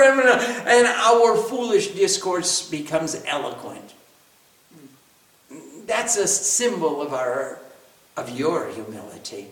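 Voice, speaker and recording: High voiced guy giving a spiritual talk, slow and playful, lots of laughing, sounds far off. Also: sing-song, a bit bright. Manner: playful, laughs often, self-mocking. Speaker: spiritual teacher. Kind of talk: spiritual discourse with Q&A. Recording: echoey room, picked up from a distance.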